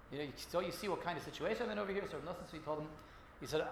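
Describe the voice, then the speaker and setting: A man's voice: a little high, very fast, roomy sound, slight background noise. A man giving a Torah class, telling stories in a loose, conversational way with many restarts and repeated words. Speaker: Torah teacher.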